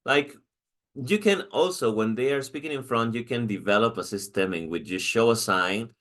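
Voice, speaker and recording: A man's voice: medium pitch, a bit bright. A man with a Mexican accent and Spanish as his first language, explaining a lesson as a teacher, with frequent restarts and "okay?" check-ins. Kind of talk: recorded lecture.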